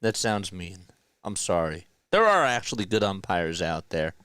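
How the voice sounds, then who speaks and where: Low smooth-voiced man calling baseball. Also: very animated, normal speed, fairly bright tone. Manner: chatty, reads viewer comments aloud between pitches; jokey, laughs at himself. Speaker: fan play-by-play streamer. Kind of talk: casual live play-by-play commentary.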